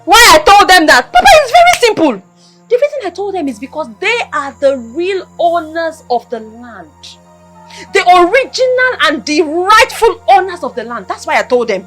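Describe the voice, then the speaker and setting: A woman's voice: extremely high pitch, big pitch swings, moderate pace, music in the background. An actress with a Nigerian accent playing a defiant young daughter who taunts her father in a film drama.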